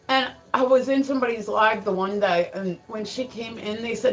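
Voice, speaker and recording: A woman's voice: a little high, normal speed, hardly any pauses, low-quality recording. A woman livestreamer talks loosely and casually with her chat. She swears freely and laughs often as she tells her stories, breaking off to read viewer comments aloud. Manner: profane, rambling storyteller; laughs often mid-sentence.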